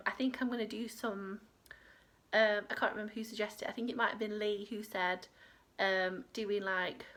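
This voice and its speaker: A woman hosting a crochet podcast from home rambles through a chatty, casual conversation full of fillers. Her voice is medium in pitch and a bit bright.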